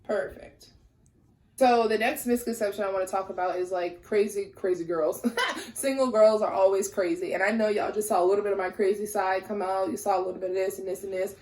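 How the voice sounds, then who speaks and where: A woman's voice: medium pitch, steady tone, brisk, darkish tone. Sassy woman vlogging in an echoey room. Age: young adult. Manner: sassy, candid, gets heated. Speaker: lifestyle vlogger. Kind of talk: casual chat while doing makeup.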